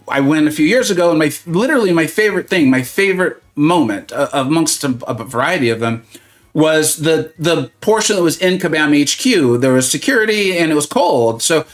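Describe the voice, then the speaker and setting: A middle-aged man from Southern California, chatting casually and rambling on a gaming livestream with plenty of fillers. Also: on the high side. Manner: rambling, animated storytelling with many fillers and restarts.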